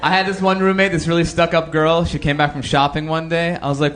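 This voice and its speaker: A man's voice: fairly high pitch, flat delivery, fast talker. A man doing stand-up, mimicking a snooty roommate in his story. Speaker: stand-up comedian. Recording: loud crowd and noise.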